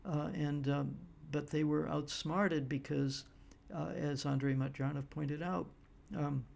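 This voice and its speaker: A man's voice: a little high, creaky, a little mellow. An American man, middle-aged, giving a rambling casual political monologue full of fillers and restarts. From United States. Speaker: political commentator.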